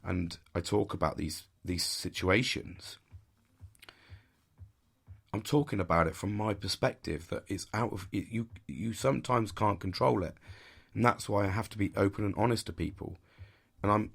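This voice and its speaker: A man's voice: on the low side, vocal fry, husky. A man hosting a podcast, talking bluntly and intensely in a candid monologue, swearing heavily and pressing his points hard. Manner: emphatic and intense. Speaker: podcast host.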